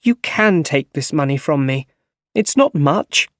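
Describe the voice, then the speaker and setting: A man's voice: on the high side, takes it slowly, darkish tone, no echo, voice pushed up. A man reading a story, voicing an elderly aunt who is tired and sad, in a raised, wavering voice. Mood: tearful. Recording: dry close recording.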